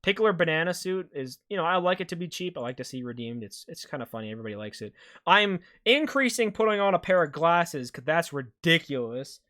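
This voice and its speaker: Bright, forceful and expressive, this young man's voice sits on the high side and moves a little fast. An Alberta live-streamer with a light Canadian accent, he rambles casually while gaming, reading his chat's questions aloud and answering them.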